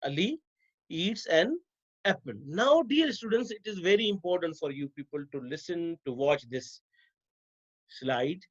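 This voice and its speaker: Slow high-voiced male grammar teacher. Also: lively intonation, highs cut off. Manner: slow, repetitive explaining to students. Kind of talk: grammar lesson over slides.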